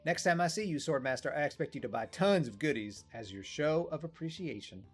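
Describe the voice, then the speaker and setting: A man's voice: fairly high pitch, animated, a little fast, soft background music, lightly acted. A man voicing a cheeky young female traveling magician in a game, reading her lines in a playful, teasing manner.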